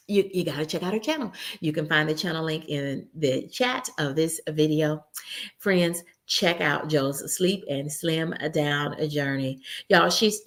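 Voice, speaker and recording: Upbeat woman host addressing y'all. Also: low voice. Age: 40s. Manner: upbeat and preachy, keeps saying y'all and friends. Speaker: YouTube channel host. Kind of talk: casual livestream chat.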